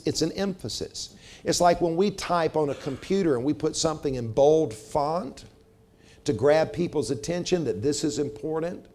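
A middle-aged man preaching a sermon, measured and slowing down to stress scripture. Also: mid-range voice, darkish tone. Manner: measured, slows for emphasis on scripture. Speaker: pastor.

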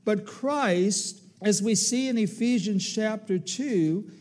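A man preaching a sermon as pastor, measured and emphatic, quoting scripture in slow, stressed phrases. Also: high-pitched, a little mellow.

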